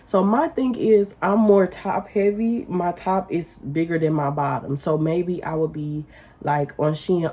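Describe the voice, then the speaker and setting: A woman vlogger ranting casually to the camera, blunt and profane, with loud emphatic outbursts. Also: low voice, slightly rough.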